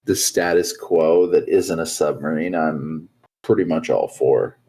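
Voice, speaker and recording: A man with a very low, deep voice talks in a relaxed, joking way on a gaming podcast. He sounds a little sleepy and drowsy. He often slips into mock voices to act out other players. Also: unhurried, husky. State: sleepy, yawning. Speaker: podcast co-host. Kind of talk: casual gaming chat.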